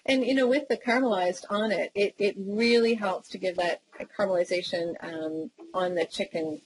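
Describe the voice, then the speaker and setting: A woman's voice: mid-range voice, moderate pace, slight background noise, rough recording. A woman with an Australian accent hosting a cooking segment, chatty and encouraging. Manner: chatty, encouraging, frequent affirmations. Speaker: host. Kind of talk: casual presenting.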